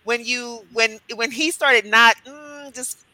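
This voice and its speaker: A woman's voice: a little high, steady tone, takes it slowly, pushed and bright, low-quality recording. A woman co-hosting a casual interview, encouraging and colloquial. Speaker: podcast co-host.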